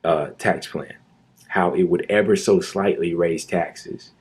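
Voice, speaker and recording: Indignant, sarcastic man with a husky voice. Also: sits low, slow. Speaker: commentary youtuber. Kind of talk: opinionated commentary monologue.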